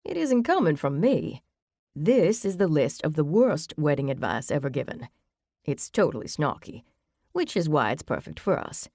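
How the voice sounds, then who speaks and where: A woman's voice: deep voice, big pitch swings, normal speed, dark tone, dry recording, clean studio sound, exaggerated voice. A woman voicing a chatty, theatrical man who loves being the center of attention, reading a list aloud to friends in an audiobook. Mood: amused.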